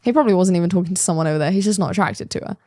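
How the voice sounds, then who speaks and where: A woman's voice: fairly low pitch, very fast. A woman hosting a reaction commentary, blunt and sarcastic. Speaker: commentary host.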